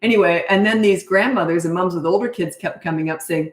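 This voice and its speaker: A woman's voice: fairly low pitch, quick pace. Blunt no-nonsense woman parenting coach. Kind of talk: casual Q&A advice. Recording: echoey room.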